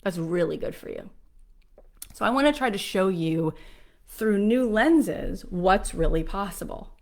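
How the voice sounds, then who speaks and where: A woman's voice: medium pitch, expressive, a little slow, gravelly. A woman in her forties from South Florida gives a live motivational talk to an audience, speaking candidly and emphatically with frequent "um" fillers. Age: 40s.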